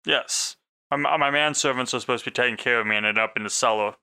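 A man at a tabletop game who talks in character with haughty confidence. His voice is smooth and clear, with a bright, crisp edge. He carries the noble's airs without breaking stride. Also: medium pitch, fast talker. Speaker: player.

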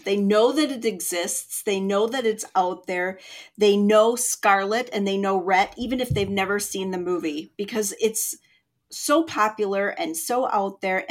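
An older woman on a film podcast, stressing her point by repeating it in simple phrases. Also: mid-range voice. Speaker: podcast co-host. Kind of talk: casual film podcast chat.

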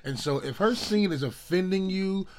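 A man's voice: sits high, moderate pace, slight background noise. A man co-hosting a podcast with his wife, chatting casually and teasing her with jokes. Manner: joking, teasing, acts out his wife's voice. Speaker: podcast co-host. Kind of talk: casual chat.

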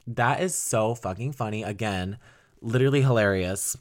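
A man's voice: on the low side, moderate pace. A young man hosting a podcast, talking casually and rambling about an album he loves, laughing often and swearing now and then. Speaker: podcast host. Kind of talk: casual music album review.

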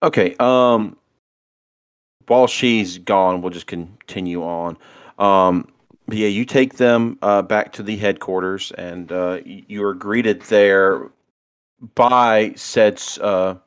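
A man's voice: fairly low pitch, slow, smooth, no echo, studio quality. A man narrating a tabletop game as game master, hesitant and full of fillers.

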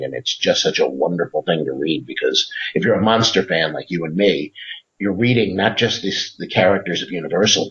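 Enthusiastic low-voiced man rambling. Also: fairly bright tone. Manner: rambling, enthusiastic storyteller with many fillers. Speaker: podcast guest. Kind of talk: casual interview chat. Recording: dull lo-fi audio.

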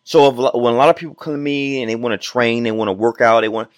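A man's voice: medium pitch, steady tone, fast, no echo, studio quality. A man hosting his own podcast as a personal trainer, giving an emphatic, repetitive motivational talk full of rhetorical questions.

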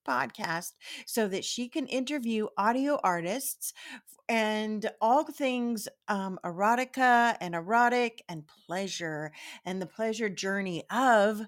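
A woman's voice: medium pitch, slow, no room sound, clean studio sound. A woman hosting a podcast in casual chat, rambling and laughing often. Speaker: podcast host.

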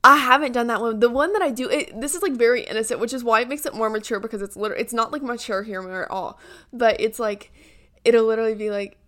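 Giggly young American woman, higher voice. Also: fast talker, fairly bright tone. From United States. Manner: giggly, rambling with many fillers. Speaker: podcast co-host. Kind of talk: casual chat.

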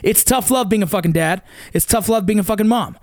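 A father of young athletes in his thirties, from California's San Fernando Valley, delivers a blunt, intense motivational rant, swearing heavily and repeating himself for emphasis. His voice is high-pitched and a little fast, recorded clean and dry in a studio.

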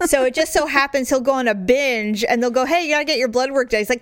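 A middle-aged woman chats casually as a host, spinning an animated story and slipping into the voices of the people she quotes. Her voice sits a bit high and sounds dry and close, with no room around it. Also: fast talker, hardly any pauses, smooth, no echo. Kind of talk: casual chat.

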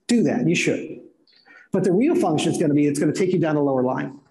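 High-voiced middle-aged man preaching in an echoey room. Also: animated, fast, mellow, slight background noise. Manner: earnest, asks rhetorical questions, repeats phrases for emphasis. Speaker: pastor. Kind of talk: sermon. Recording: roomy echo of a hall.

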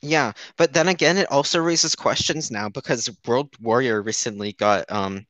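A man's voice: mid-range voice, normal speed, a bit bright, no room sound. A young man co-hosting a casual gaming podcast, rambling with lots of "um" and restarts. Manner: rambling, many fillers and restarts. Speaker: podcast co-host.

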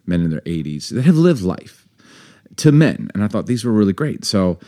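A low-pitched man talking in a casual podcast chat. His voice swings widely in pitch as he jokes and tosses off quick asides. He sounds animated throughout. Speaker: podcast co-host.

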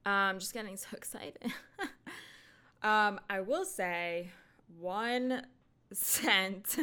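Young woman, casual podcast chat, smooth clear voice, unhurried, rambling with fillers. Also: mid-range voice. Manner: rambling, animated, many fillers and laughs. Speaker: podcast host. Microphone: podcast microphone.

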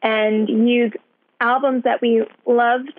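A woman's voice: on the high side, level tone, takes it slowly. A woman guest speaking thoughtfully over a landline in a phone interview. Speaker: guest, event organizer. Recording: tinny landline phone call.

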